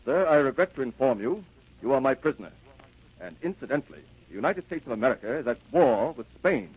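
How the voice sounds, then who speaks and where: A man's voice: mid-range voice, big pitch swings, fast, slightly rough, lo-fi sound. An actor playing a cautious, stern male navy captain who gives commanding, clipped orders in 1930s radio acting.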